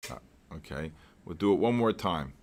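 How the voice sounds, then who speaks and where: A man hosting a live trading stream, excitable and joking as he calls out market moves to his viewers. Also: sits low, normal speed. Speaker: host of a live trading session.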